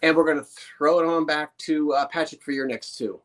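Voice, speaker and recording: A man hosting a live online auction, talking in a loose, rambling patter and tossing in little jokes. His voice sits a touch high for a man, and he keeps a friendly sales chatter going. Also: steady tone, moderate pace. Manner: chatty, rambling, joking asides.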